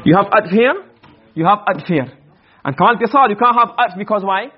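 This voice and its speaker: A man's voice: high voice, a little fast, muffled recording, slight background noise. A man teaching a class, often quizzing his students and repeating his points. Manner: asks the class questions, repeats himself. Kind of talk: classroom lecture on Arabic rhetoric.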